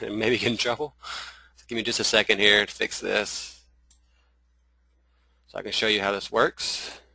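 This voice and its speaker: A man with a Southern accent teaching a live screen-share webinar, talking in halting runs full of restarts and fillers. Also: medium pitch, bright, forceful tone, no room sound, poor audio. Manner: halting, many restarts and fillers, addresses viewers as y'all. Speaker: online marketing trainer.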